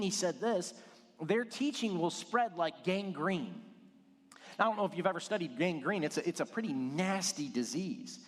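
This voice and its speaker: A man's voice: sits high, a bit bright. A middle-aged male pastor preaching a sermon, telling stories with self-deprecating jokes. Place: church sanctuary. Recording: long hall reverb.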